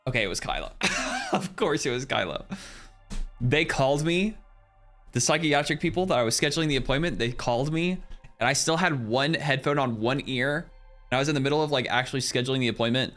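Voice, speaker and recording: A man's voice: mid-range voice, brisk, faint music behind. A man live-streaming a game, chatting animatedly with his viewers and laughing often. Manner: animated and laughing, talks to chat. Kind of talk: live-streamed gameplay chat.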